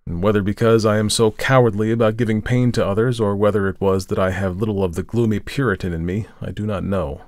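A man narrating a short story in a measured, dramatic storytelling manner. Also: on the low side, no room sound. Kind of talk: scripted audiobook narration.

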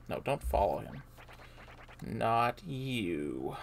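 A woman's voice: rumbling low, big pitch swings, fairly quick, creaky, a little mellow. A woman playing through a game and commenting, rambling with self-deprecating muttered asides. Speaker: let's player.

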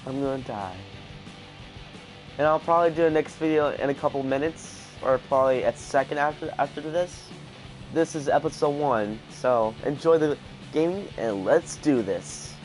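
A man giving casual let's play commentary, panicking out loud and repeating his exclamations. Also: a little high, normal speed, faint music behind. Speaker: gaming video host.

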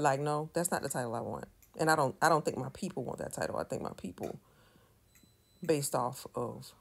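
A woman talking casually to her audience, emphatic, repeating and restarting her words and sometimes dropping to a near-whisper. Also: deep voice. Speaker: channel host. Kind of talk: casual commentary to camera.

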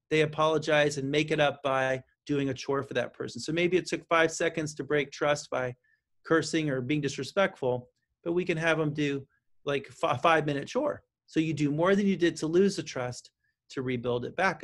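A man speaking as a counselor guest in an interview, explaining parenting advice with lively delivery and frequent restarts. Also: fairly high pitch. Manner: animated, acts out parent and child lines, frequent restarts. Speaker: counselor and author.

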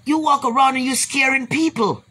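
Speaking at a moderate pace, the Jamaican vlogger has a high-sitting voice with a sharp tone and a breathy edge. Her profane rant to camera is blunt and repetitive, and she ends it by giving her viewers blessings.

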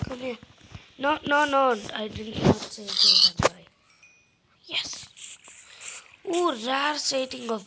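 A woman giving chatty running commentary on her own gameplay, talking to herself with excited outbursts. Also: high-pitched, slow, pauses often, background noise. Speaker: let's play gamer.

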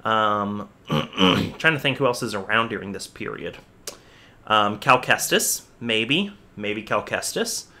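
An excitable man hosting a fan reaction vlog, rambling through his thoughts with plenty of fillers and repeats. His voice has a bright, forward tone. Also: on the low side, slow pace. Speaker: host.

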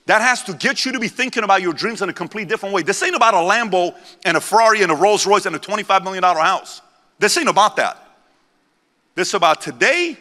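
A forceful, bright-toned man in his forties, born in Iran and raised in America, delivers a motivational speech. His voice sits a little higher than most men's and carries a blunt, punchy drive. The sound rings with a long reverb from a big convention hall. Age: 40s. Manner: blunt, punchy, rallies the crowd. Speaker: motivational speaker. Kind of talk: motivational speech to a live audience. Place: large convention center hall.

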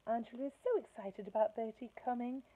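A woman's voice: on the high side, fairly quick, pitched above the performer's own voice, natural voice. A woman voicing a gushing, sweet-talking mother, heard through a tinny phone-like line.

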